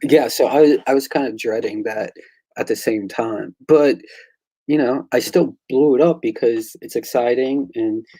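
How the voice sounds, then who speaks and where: Excitable man with a mellow, husky voice. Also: medium pitch, a little slow, poor audio. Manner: excitable storyteller, acts out quoted exchanges. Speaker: comic book creator and artist. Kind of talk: casual chat.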